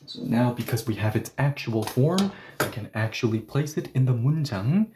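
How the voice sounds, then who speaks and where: A man's voice: medium pitch, animated, fairly quick, noisy background. A man teaching a grammar lesson, explaining each step and asking questions that he then answers himself. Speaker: Korean language teacher.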